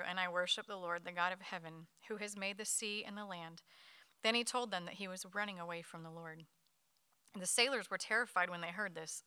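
Bright, crisp woman reading scripture. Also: on the low side, dry recording. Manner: quick, lively reading with light laughs. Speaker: Bible study leader. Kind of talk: reading scripture aloud to a group.

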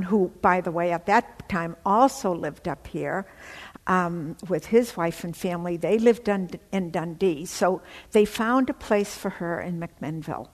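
A woman giving an emotional personal testimony, telling her story haltingly with many fillers. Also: lowish voice, in a large hall.

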